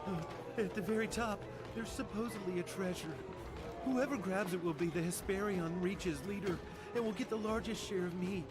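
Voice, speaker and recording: A man playing a greedy, shrill ghost. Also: moderate pace, over music, lightly acted. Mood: scheming. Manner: shouting, grasping. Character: greedy, frantic male ghost.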